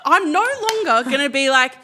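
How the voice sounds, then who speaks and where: A woman's voice: high-pitched, brisk, bright, forceful tone, slight background noise. A young woman co-hosting a comedy podcast, chatty and laughing often. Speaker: podcast co-host. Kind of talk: casual comedy podcast chat.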